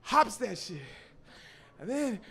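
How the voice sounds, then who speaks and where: A young man telling a profane comic story at an open mic, acting out voices and shouting. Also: sits high, big pitch swings, slow, gravelly, slightly rough. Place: small cafe open mic stage.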